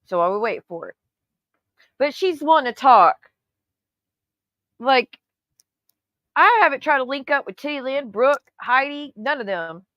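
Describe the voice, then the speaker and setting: A woman's voice: high-pitched, big pitch swings, a little slow, long pauses, fairly bright tone, no room sound. A woman hosting her own channel, giving sarcastic, profanity-laced casual commentary on clips. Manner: sarcastic, profane, calls people honey. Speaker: YouTube host reacting to clips.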